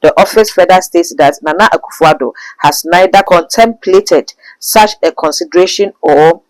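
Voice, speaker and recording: A man's voice: sits high, moderate pace, no echo, low-quality recording. A man hosting a talk show, chatting and reading statements aloud. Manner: reads documents aloud, conversational.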